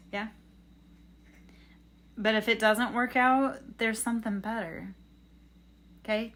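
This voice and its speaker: A woman's voice: medium pitch, a bit bright. A young adult woman on a livestream reading tarot, telling a rambling, earnest story full of fillers and advice. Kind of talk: casual chat.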